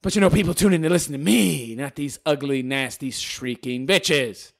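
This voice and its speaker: A man's voice: on the high side, moderate pace, creaky. A man, a YouTuber, reading out hostile comments and replying in a sarcastic, combative, mocking rant. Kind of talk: casual ranting monologue.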